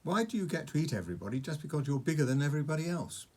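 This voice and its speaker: A man's voice: a little high, sing-song, rapid-fire, darkish tone. A man voicing an earnest small Viking boy, pleading and indignant.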